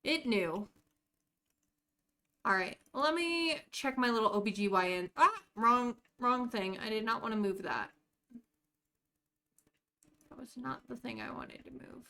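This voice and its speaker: An American woman chats her way through a live game stream, addressing viewers by name between moves. Her voice sits a little high, with a bright, crisp and smooth tone. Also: expressive, unhurried, pauses often. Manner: chatty, talks to viewers by name while playing. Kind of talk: casual live-stream chat.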